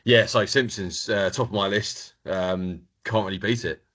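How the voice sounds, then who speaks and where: A man co-hosting a casual podcast chat, stumbling and repeating words as he talks. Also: on the low side. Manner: halting, repeats words, animated. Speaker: podcast co-host.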